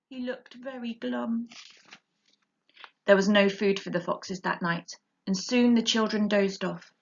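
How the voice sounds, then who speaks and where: A woman reading a children's book aloud in an expressive, animated way, heard through a dull lo-fi recording. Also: mid-range voice. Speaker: storyteller.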